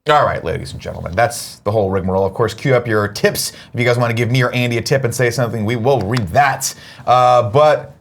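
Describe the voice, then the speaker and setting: A man's voice: medium pitch, quick pace, a little hiss or hum. A man co-hosting a casual comedy morning show, joking and sarcastic and swearing freely.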